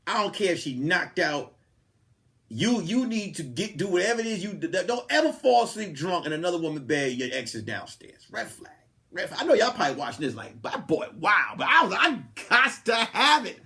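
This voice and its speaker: Animated high-pitched male comic storyteller. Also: a little fast. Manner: animated, swings from hushed asides to loud laughing outbursts. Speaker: comedian podcast host.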